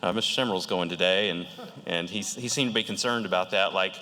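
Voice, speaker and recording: Deep-voiced Southern man, dry wit. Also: fairly quick, bright, forceful tone. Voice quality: deep baritone. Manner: dry, wry humor. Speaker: departing state representative. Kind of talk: farewell speech. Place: state house chamber. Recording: long reverb of a legislative chamber.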